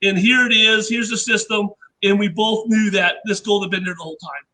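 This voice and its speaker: A man with a squeaky voice, a guest inventor telling rambling anecdotes in casual chat and acting out what others said. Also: fairly even intonation, fairly quick, sharp tone, low-quality recording. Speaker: podcast guest, inventor and engineer.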